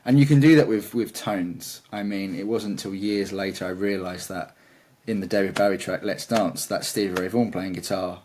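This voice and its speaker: A man's voice: low-pitched, normal speed, few pauses, darkish tone. A man chatting as a guitarist guest in an interview, talking in a rambling, enthusiastic way. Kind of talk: casual interview chat.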